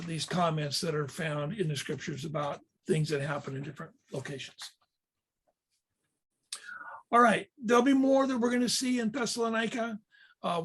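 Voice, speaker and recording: A man leading a Bible history lesson, explaining pictures in a measured way with frequent fillers and restarts. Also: high-pitched. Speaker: tour leader and teacher.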